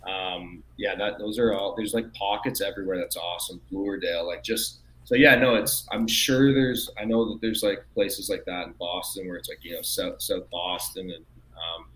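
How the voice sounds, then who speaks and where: A man with a Canadian accent, a podcast guest chatting casually, rambling and halting with many fillers. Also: low-pitched, fairly even intonation, fairly bright tone, low-quality recording. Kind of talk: casual chat.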